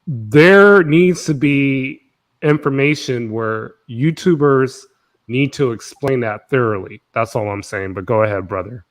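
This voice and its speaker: A man hosting a live-stream panel discussion, talking in an animated way that often cuts in and repeats words. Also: mid-range voice, unhurried. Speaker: panel host.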